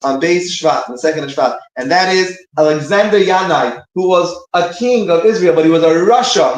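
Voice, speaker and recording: Man with a fairly high voice, giving an informal, rambling talk; echoey room. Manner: rambling, searching for words, many restarts. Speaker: speaker giving a short talk between prayers. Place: synagogue room.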